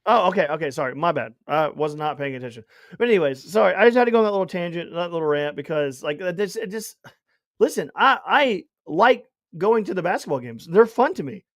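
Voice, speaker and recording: A man co-hosting a sports podcast in casual chat, rambling and animated with loud bursts. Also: high-pitched, brisk, no room sound, studio quality. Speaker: podcast co-host.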